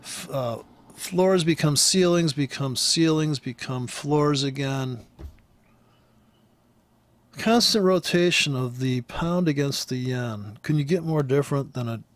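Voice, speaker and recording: A man from the United States, a forex trader and trading instructor, takes his time with a casual, meandering rant over a live chart, laughing a lot and swearing without restraint. His pitch is medium, and the recording is dry.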